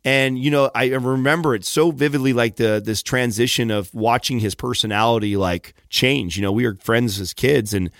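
A man's voice: mid-range voice, fairly even intonation, normal speed, hardly any pauses, a bit bright, no room sound, clean studio sound. A man in casual podcast chat, telling a rambling story with fillers and swearing.

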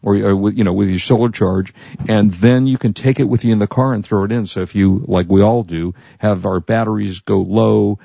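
A male tech radio host with a low, gravelly voice who chats in a loose, rambling way. The sound is dry and a little dull. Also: fairly even intonation, brisk, mellow, no room sound. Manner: rambling, self-correcting, chatty. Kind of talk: casual tech radio talk.

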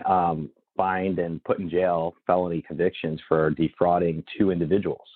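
A male interview host asking earnest, rambling questions in a husky voice. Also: sits low, flat delivery, normal speed, dry recording. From Florida, USA. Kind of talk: casual interview conversation. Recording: tinny phone-like line.

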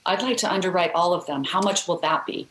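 Lady doing a kind rich older woman, reassuring, a bit higher voice, echoey room. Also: fast, lightly acted. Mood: generous. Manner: warm, reassuring. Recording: roomy echo.

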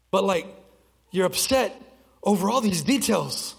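A man's voice: sits high, animated, a little slow, vocal fry, long pauses, breathy edge, big-room sound. A young man preaching a sermon as pastor, telling stories in a conversational way with frequent restarts. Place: church sanctuary.

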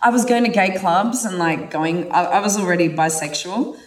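A woman host telling personal stories in a candid, animated way, swearing freely. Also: fairly low pitch, normal speed. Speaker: podcast host. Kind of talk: casual personal storytelling. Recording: roomy sound from a distant mic.

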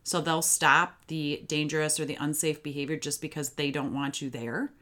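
Low-voiced woman hosting a parenting podcast. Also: flat delivery, moderate pace, fairly bright tone. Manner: chatty, upbeat, addresses listeners directly. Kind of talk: solo podcast advice.

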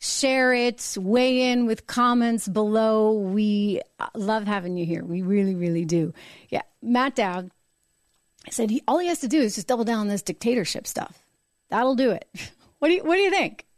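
A woman hosting a live-streamed political show, talking emphatically and indignantly, repeating her points and jumping higher in pitch when worked up. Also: normal speed, no echo, studio quality. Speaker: political talk show host.

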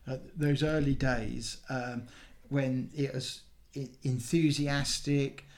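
A man co-hosts a casual podcast chat. He talks at an everyday middle pitch, stops often on fillers and starts his sentences over. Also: little pitch movement, a little mellow. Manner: chatty, halting with fillers and restarts. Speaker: podcast co-host.

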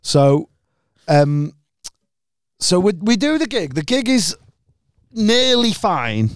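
A man's voice: sits high, very animated, slow, smooth, no echo, studio quality. A man co-hosting a podcast, telling a story casually, swearing and acting out what other people said. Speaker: podcast co-host. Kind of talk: casual chat.

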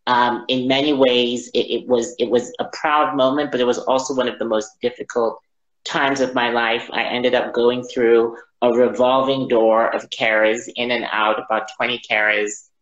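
A man telling a personal story as an interview guest, halting and reflective, often repeating his words. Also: mid-range voice, little pitch movement, fairly bright tone. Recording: roomy, dull lo-fi audio.

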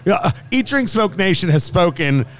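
A man's voice: high-pitched, big pitch swings, moderate pace. A man hosting a food and drink talk show, joking and teasing his co-host in casual banter.

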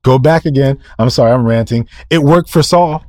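A man's voice: medium pitch, normal speed, a little mellow, no room sound, clean studio sound. A male preacher delivering a sermon, emphatic, firing off rhetorical questions, answering them himself and repeating key phrases.

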